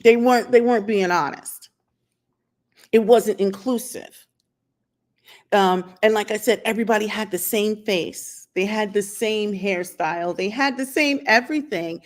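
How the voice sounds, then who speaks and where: Standing outdoors in the sunlight, a woman who hosts her own channel speaks unhurriedly into her camera in a casual, opinionated monologue. Her voice is an ordinary middle pitch for a woman, and she keeps throwing pointed rhetorical questions at the viewer.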